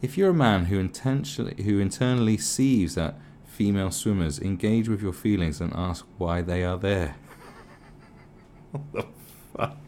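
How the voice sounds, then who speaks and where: A man's voice: sits low, normal speed, darkish tone, slight background noise. A man giving a sarcastic, sweary commentary rant, repeating mock-polite questions over and over. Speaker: video commentator. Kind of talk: ranting commentary.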